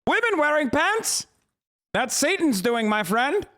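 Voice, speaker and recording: A prim, scandalized moralist from centuries past, put on by a man mid-rant. The voice jumps far above his usual pitch into a fussy, clipped, old-fashioned delivery. Each word sounds aghast. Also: big pitch swings, a little slow, sharp tone, exaggerated voice. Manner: high mock-scandalized old-timey voice.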